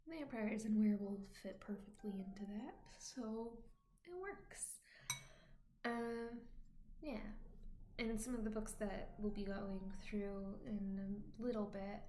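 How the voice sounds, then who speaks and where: A woman's voice: mid-range voice, slow pace, mellow, reverberant, a little hiss or hum. A woman chatting casually on a home stream, rambling and often dropping into a whisper. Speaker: vlogger. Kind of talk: casual chat while streaming.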